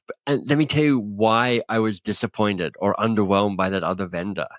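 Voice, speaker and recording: A male guest author talks through his ideas in a relaxed podcast interview, slipping into animated stories where he plays out both sides of a conversation. His voice sits on the low side, and it is recorded dry with no room sound around it. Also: fast talker, no room sound. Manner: animated storyteller, acts out dialogue.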